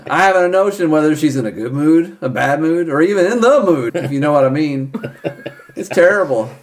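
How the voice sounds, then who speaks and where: A man's voice: a little high, expressive, fairly quick, voice pushed up, close to an everyday voice. A man doing a rueful, rambling dour father. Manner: raised, louder, rambling complaint. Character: proud, dour middle-aged father, embarrassed. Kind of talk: tabletop game role-play.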